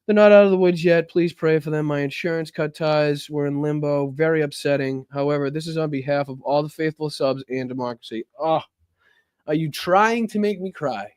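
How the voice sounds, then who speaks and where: A man's voice: fairly high pitch, normal speed, a little mellow, smooth, no echo. A man hosting a political livestream, reacting to clips with heated, profane, mocking commentary. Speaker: political talk show host.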